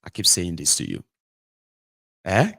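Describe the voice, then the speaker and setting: A Nigerian man hosting a casual livestream monologue from a home studio, animated, slipping into pidgin and acting out little scenes. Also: deep voice, a little slow, vocal fry, slightly rough, no room sound. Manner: animated, mixes pidgin and Yoruba, acts out voices. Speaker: host.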